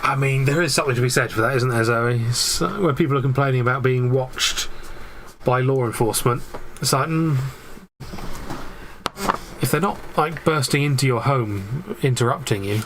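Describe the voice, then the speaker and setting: A man's voice: mid-range voice, normal speed, fairly bright tone, a little hiss or hum. A man co-hosting a casual live craft stream, matter-of-fact and a little dry. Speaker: stream co-host.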